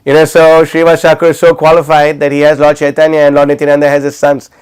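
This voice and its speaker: A man's voice: fairly high pitch, monotone, fast, darkish tone, clean tone. A man telling stories in a class, speaking casually with many fillers and restarts. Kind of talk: storytelling class talk. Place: livestreamed class.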